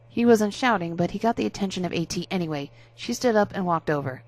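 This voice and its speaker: A woman reads a story aloud in a steady, casual manner. Her voice sits on the low side. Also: brisk, few pauses. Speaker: narrator.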